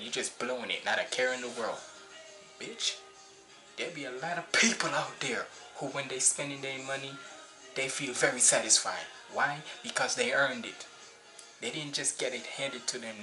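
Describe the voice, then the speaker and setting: A man's voice: mid-range voice, rough recording. A man hosting a music reaction video, talking casually and preachily, repeating his points for emphasis. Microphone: cheap basic mic.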